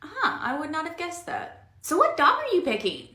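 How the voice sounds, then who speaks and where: Shy young coworker played by a woman, curious and soft, lively high voice, echoey room. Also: moderate pace, full character voice. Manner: curious, easily touched.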